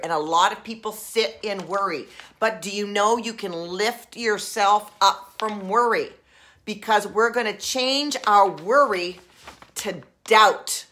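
A woman life coach in a how-to video, talking herself through feelings, shifting from quiet whispers to raging outbursts. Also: medium pitch, measured pace. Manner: expressive, swings from soft whispers to raging. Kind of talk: coaching video, acting out emotions.

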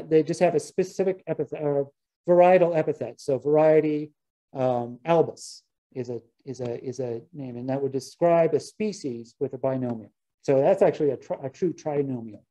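Chatty lecturer with a mellow voice. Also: medium pitch, low-quality recording. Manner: chatty, restarts often, wry asides. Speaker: botany lecturer. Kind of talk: casual lecture to gardeners.

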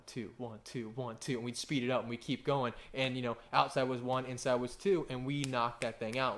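A man in his thirties, a pastor, gives a conversational sermon built around stories, often checking in with "right?". His voice is mid-range with a fairly bright tone.

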